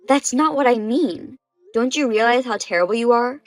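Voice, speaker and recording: A woman's voice: fairly high pitch, expressive, moderate pace, dry recording, soft background music, poor audio. A woman voicing the wronged wife in a dubbed story drama, speaking plainly and with indignation.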